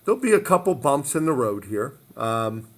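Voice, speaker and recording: A man's voice: mid-range voice, very animated, normal speed. A male math teacher walking students through worked problems step by step, often checking in with "okay?" and "all right?". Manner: step-by-step, repeats phrases, frequent "okay?" check-ins. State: hiccups. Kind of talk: recorded math lesson walkthrough.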